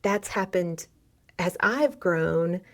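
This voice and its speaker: A woman's voice: fairly low pitch, animated, slow pace. A middle-aged woman hosting a podcast interview, affirming and reflective toward her guest. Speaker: podcast host.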